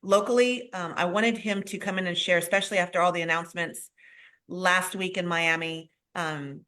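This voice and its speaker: A woman's voice: on the low side, steady tone, moderate pace, sharp tone. A woman hosting a live video call, talking in an enthusiastic, effusive way. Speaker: host.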